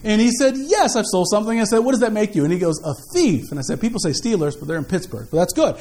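High-voiced animated preaching man. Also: fast talker. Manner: animated, jokey, conversational preaching. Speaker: pastor. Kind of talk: sermon with storytelling.

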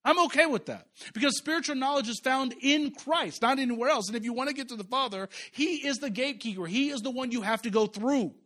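Man, pastor, high voice, conversational sermon, self-correcting, asides to the congregation. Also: fast talker, few pauses, sharp tone.

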